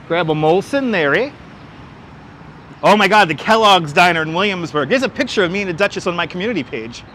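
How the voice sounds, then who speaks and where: A man's voice: fairly high pitch, pushed and bright, a little hiss or hum. A man hosting a casual walking livestream outdoors on city streets, chatting enthusiastically and greeting viewers by name through a wireless clip-on mic. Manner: chatty, greets viewers and reads their comments aloud. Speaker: livestream host.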